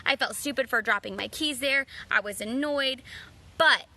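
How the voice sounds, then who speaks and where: A woman's voice: high-pitched, normal speed, bright, forceful tone. A woman in her thirties, a mom, giving an earnest motivational talk and challenging listeners with direct questions. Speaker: mom vlogger.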